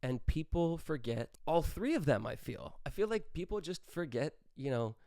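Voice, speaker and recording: Animated young man, smooth clear voice. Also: fairly high pitch, dry recording, clean studio sound. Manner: animated, acts out quick quoted exchanges. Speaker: podcast host. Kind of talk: casual solo monologue.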